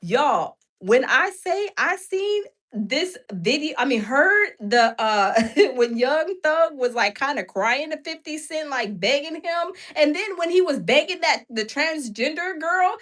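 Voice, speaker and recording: Woman, live-stream host, high voice, lively swooping pitch, animated casual chat. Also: a little slow. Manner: animated, laughing, chatting with viewers. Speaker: livestream host.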